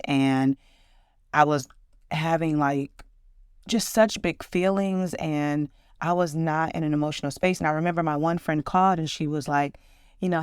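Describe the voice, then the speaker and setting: A woman's voice: sits low, clear, resonant tone, no room sound, studio quality. A woman in her forties hosting a podcast, chatting in an upbeat, reflective way about her own life. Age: 40s. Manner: warm, upbeat, reflective storytelling. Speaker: podcast host. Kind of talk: casual solo podcast chat.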